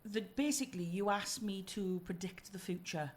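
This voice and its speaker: A woman's voice: mid-range voice, normal speed. A woman co-hosting a podcast in casual chat, teasing and playful. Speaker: podcast co-host.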